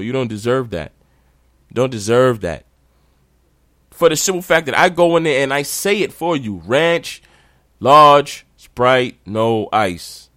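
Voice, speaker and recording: A man hosting a podcast, ranting in a casual, animated, slangy way. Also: medium pitch, no room sound, studio quality. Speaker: podcast host.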